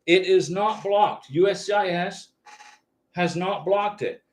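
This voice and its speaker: A man's voice: sits high, slow pace. A man hosting a live-stream visa advice chat from a home studio, answering viewers in a casual, reassuring way and often checking in with "okay?". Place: home YouTube studio with lights.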